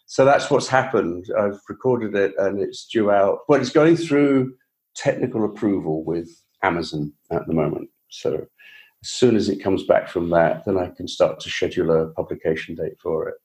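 A man with a deep, darkish voice and a moderate pace, speaking Received Pronunciation English, appears as a guest author in a casual interview. He is from England and tells his story in a chatty, self-deprecating way.

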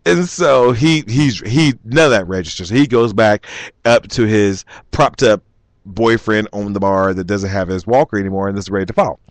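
A man casually telling a story in an animated way, chuckling and acting out what people said. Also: fairly low pitch, normal speed, no echo. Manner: animated, chuckling, acts out quotes.

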